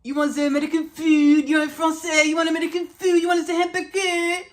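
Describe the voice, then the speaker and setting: A woman's voice: extremely high pitch, flat delivery, a little fast, voice pushed up. A woman voicing an indignant Parisian local in a put-on French accent, mocking and incredulous. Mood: scoffing.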